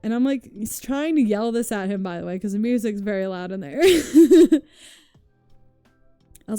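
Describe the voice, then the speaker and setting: A woman chats to her stream audience in a loose, rambling way, peppering her stories with swearing and laughter. Her voice is smooth and warm, recorded close and dry. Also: mid-range voice, expressive, moderate pace, long pauses, no room sound, faint music behind. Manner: chatty, rambling storytelling with frequent "like" and swearing; laughs often while telling stories. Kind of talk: casual chat with viewers.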